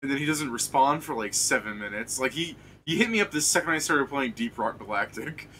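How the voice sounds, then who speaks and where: A man with a bright, forward voice hosts a stream and chats loosely over a voice call. He tells long stories, swears freely and drifts from point to point. A faint hiss sits under his computer mic. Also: mid-range voice, expressive, fairly quick. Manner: rambling, profane storytelling with laughs. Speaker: streamer hosting a tabletop game. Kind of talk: casual pregame chat over voice call.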